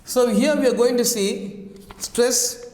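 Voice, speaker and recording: A man's voice: very high-pitched, a little mellow. A male teacher giving a classroom lesson on word stress, repeating key words and phrases as he drills them. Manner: repetitive, drills words slowly. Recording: echoey long-reverb room.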